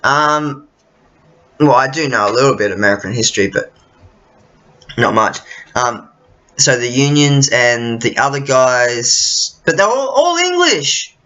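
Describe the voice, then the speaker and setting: A man rambling in a loose monologue, slow and unhurried, with a pitch that leaps around animatedly. His tone is bright and a little tense, and the lo-fi recording sounds dull. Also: lively intonation. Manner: rambling, loses his thread, swears casually. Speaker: vlogger.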